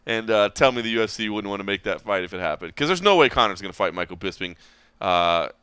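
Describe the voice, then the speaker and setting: A man's voice: lowish voice, animated, quick pace, pushed and bright, clean tone, no echo. A man hosting a podcast, chatting casually and laughing as he wanders between points. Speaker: podcast host.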